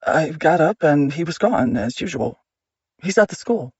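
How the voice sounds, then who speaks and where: A woman's voice: sits low, animated, normal speed, a little mellow, breathy edge, dry recording, muffled recording, heavily acted. A man voicing an anxious young wife hiding a secret, speaking in tense, clipped replies.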